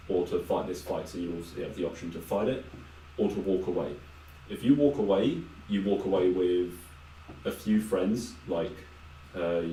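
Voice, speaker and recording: A man's voice: deep voice, mellow, far from the mic. A man, co-hosting a podcast and retelling a game's story in a rambling, casual way full of fillers and quoted asides. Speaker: podcast co-host. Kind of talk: casual chat, game recap. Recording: echoey room, off-mic, faint noise.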